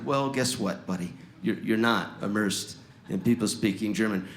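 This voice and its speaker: A man from Utah doing stand-up comedy on stage, sarcastic and animated, with wry asides. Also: mid-range voice, normal speed, echoey room, a little hiss or hum. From Utah, USA. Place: comedy stage before a live audience.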